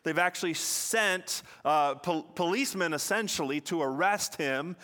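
A man preaching a sermon in an earnest teaching manner, often repeating words and slowing down to stress a point. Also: a little high, pushed and bright. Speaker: pastor.

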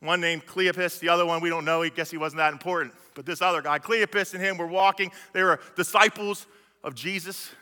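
Guy giving a sermon, high voice, super bright, casual slangy storytelling, long echo from a big church hall. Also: fairly even intonation, brisk. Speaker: preacher.

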